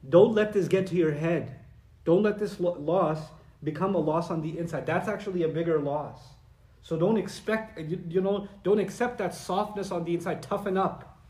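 A man preaching a lecture-style sermon in a conversational, animated way, sometimes reciting Arabic. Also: high voice, moderate pace, reverberant. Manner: animated and conversational, acting out quoted voices; recites Arabic verses and sources. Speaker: Islamic preacher.

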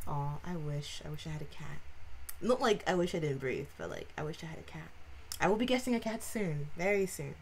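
Chatty woman streamer, lively low voice. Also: fairly quick. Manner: chatty and scatterbrained, talking to herself while fiddling with gear. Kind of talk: casual live-stream chat. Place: at home at a cluttered table. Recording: stream audio with clear background noise.

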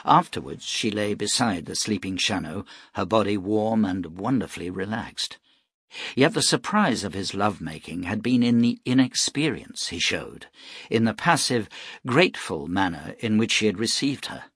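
A man narrating an audiobook in a steady, even storytelling manner. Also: on the low side, normal speed, breathy edge, no room sound, clean studio sound. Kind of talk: scripted narration.

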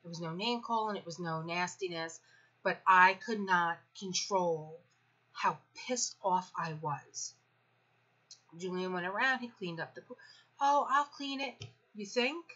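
A woman in her fifties tells a personal story in a frank, sarcastic way, swearing freely as she goes. Her voice is bright and forceful, with a sharp edge on the stressed words. The recording is dull and lo-fi, with the top end muffled. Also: fairly low pitch, measured pace. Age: 50s. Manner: blunt, profane, sarcastic storytelling. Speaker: parenting vlogger. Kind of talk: candid personal venting.

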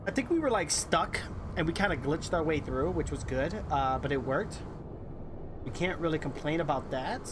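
A man streaming a game with a voice that sits a touch higher than most men's. He chats loosely and keeps calling out to his viewers between moves, over a clearly noisy recording. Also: lively intonation, normal speed. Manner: chatty, talks straight to viewers, hypes them up. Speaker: live streamer. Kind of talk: casual gameplay commentary.

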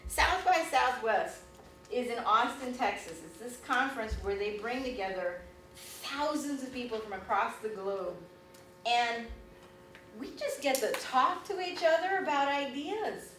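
A woman teaching artist talking casually and exuberantly about her career, with lots of animated exclamations. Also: on the high side, measured pace, slight background noise. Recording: echoey room from a distance.

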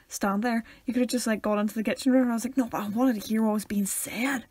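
A young woman from Northern Ireland co-hosts a casual podcast, talking fast in a slightly high, steady, somewhat mellow and husky voice with no room sound. She's chatty, laughs often, and talks over her sister.

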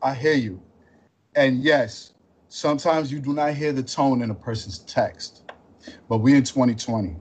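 A man's voice: medium pitch, a little slow, darkish tone, husky. A man hosting a podcast, talking bluntly and confrontationally with streetwise slang. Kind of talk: heated podcast conversation.

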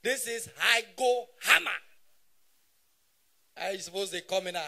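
Male stand-up comic, 30s, Nigerian Pidgin accent, very high pitch, sharp tone, animated delivery. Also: unhurried, creaky. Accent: Nigerian Pidgin English. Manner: animated, shouting punchlines in bursts. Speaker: stand-up comedian. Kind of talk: live stand-up comedy. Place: stage at a live show.

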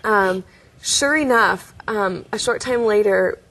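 A woman's voice: mid-range voice, takes it slowly, fairly bright tone. A young adult woman, a guest in an interview, telling her story in an earnest way and acting out quoted voices. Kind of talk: interview testimony.

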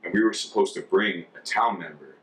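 A young American man in his twenties, a former volunteer, telling stories casually in an interview, chatty and relaxed. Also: low voice, a little fast. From United States. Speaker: former Peace Corps volunteer. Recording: distant mic with faint ambience.

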